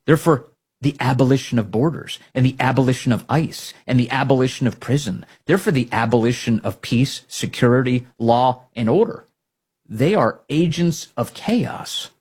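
A man's voice: medium pitch, normal speed, darkish tone, breathy edge. A man hosting a political talk radio show, delivering a sarcastic, emphatic monologue.

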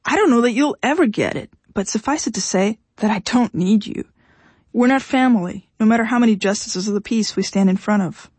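A woman's voice: on the high side, fairly quick, a little mellow, husky, no echo. A woman voicing a blunt, fed-up young woman who speaks curtly and with exasperation, in an audiobook reading. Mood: exasperated. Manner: curt, exasperated, raised voice.

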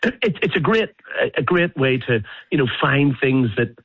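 A man's voice: medium pitch, animated, moderate pace, dry recording. A man with a Northern Irish accent, a chef and guest on a radio show, talking enthusiastically and rambling with restarts. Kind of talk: radio interview. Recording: tinny phone line.

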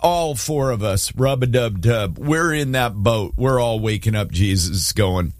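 A man hosts a relaxed faith talk show, his voice rising and falling with lively energy. He tells stories and acts out scenes with animation. The sound is dry, with no room echo. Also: medium pitch, a little slow. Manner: animated, storytelling, dramatizes scripture scenes. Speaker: host.

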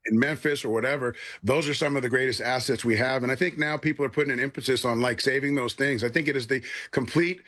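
A man's voice: mid-range voice, steady tone, quick pace, hardly any pauses, fairly bright tone, no room sound, studio quality. A middle-aged man from Los Angeles, a guest talking earnestly in a casual interview, rambling with many restarts and fillers. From Los Angeles, California. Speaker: guest, museum owner.

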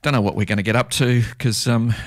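A man's voice: mid-range voice, fairly even intonation, quick pace, no room sound. Man, radio presenter, casual studio banter, frequent laughs, dry close mic. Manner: laughs often, rambling with fillers. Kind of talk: casual on-air radio chat.

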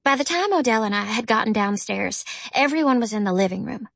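A woman narrates a story in a gentle, storytelling manner, her voice sitting a little high. The recording is close and dry, with no room sound around her. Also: expressive, a little fast, gravelly, no room sound. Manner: gentle storytelling, lifts pitch for characters' lines. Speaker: audiobook narrator. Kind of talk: scripted narration.

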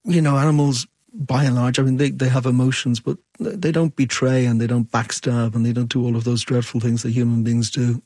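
A man's voice: medium pitch, steady tone, a little fast, a little mellow, dry recording. A man answering interview questions in a reflective, musing way, then reading aloud from his book. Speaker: author.

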